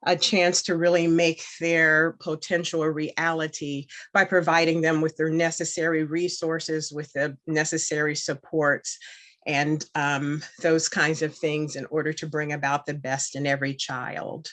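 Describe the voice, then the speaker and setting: A woman's voice: sits low, flat delivery, a little slow, fairly bright tone. A woman candidate giving a campaign speech and then answering questions, earnest and emphatic, hesitating with fillers when unscripted. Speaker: board candidate.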